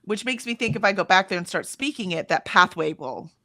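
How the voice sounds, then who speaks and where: With no room sound in the recording, a U.S. woman co-hosting a livestream talks a little fast in a medium-pitched voice that comes across pushed and bright. Her American accent is general and unmarked, and she reads out chat comments casually, filling gaps with frequent ums.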